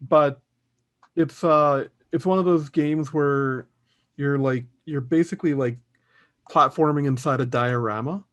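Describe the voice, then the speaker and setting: A man's voice: fairly high pitch, steady tone, unhurried, fairly bright tone, no room sound. A man co-hosts a laid-back gaming podcast. He rambles and chuckles, leaning on fillers as he thinks aloud. The audio is dull and bone dry, with no room sound. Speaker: podcast co-host. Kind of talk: casual gaming podcast chat.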